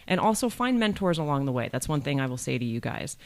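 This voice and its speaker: A woman's voice: rumbling low, sing-song, quick pace, a little mellow. A middle-aged woman from New York State speaks as a college provost in a campus podcast interview. She tells her story with energy and acts out the voices of the people she quotes.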